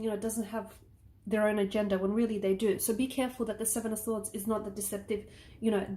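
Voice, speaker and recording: A tarot reader with a mid-range, slightly dark voice gives a casual reading, rambling and reassuring while frequently asking "okay?" to check in. She's recorded in an echoey room with faint background noise.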